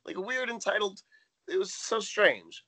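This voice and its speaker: A man's voice: high-pitched, expressive, normal speed, sharp tone. A man co-hosting a podcast, recapping a TV episode in casual chat with dry, wry remarks. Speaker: podcast co-host.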